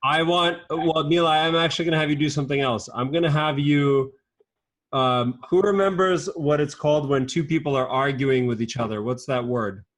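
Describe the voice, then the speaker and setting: Speaking at a mid-range pitch, the patient, upbeat instructor asks young children strings of fast questions during an online class held over a video call.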